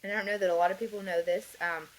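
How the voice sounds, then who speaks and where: A woman's voice: medium pitch, steady tone, racing, poor audio. A woman guest on a podcast, earnestly telling her personal story in a rambling way, with many fillers and light laughs. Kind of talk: conversational interview, personal story.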